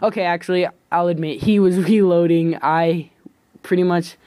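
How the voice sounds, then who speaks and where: A man's voice: high voice, steady tone, mellow. Rambling teenage guy telling a story. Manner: rambling, halting, self-correcting. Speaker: YouTube vlogger. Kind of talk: casual storytelling.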